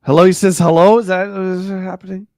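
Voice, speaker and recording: A man's voice: high voice, flat delivery, a little fast, darkish tone, no room sound. A man co-hosting a casual livestream, reading a magazine aloud with sarcastic, jokey asides. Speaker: podcast co-host.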